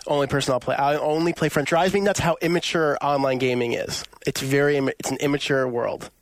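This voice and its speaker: A man's voice: medium pitch, fairly even intonation, fast talker, no room sound. A man on a gaming podcast who states his opinions bluntly and firmly. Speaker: podcast co-host. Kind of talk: casual chat about video games.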